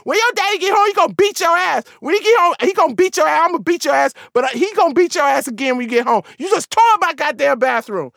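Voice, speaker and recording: A woman voicing an outraged mother who yells and scolds her daughter in rapid, repeated threats. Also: lively intonation, vocal fry, no echo, studio quality, heavily acted. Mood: outraged scolding. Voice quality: loud, high, shouting.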